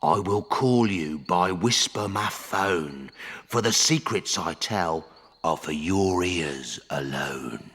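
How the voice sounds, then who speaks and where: A man reading the lines of a creepy, reclusive old male hermit in a murky, hushed voice. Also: low voice, expressive, takes it slowly, slightly rough, big-room sound, pitched below the performer's own voice, exaggerated voice. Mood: secretive.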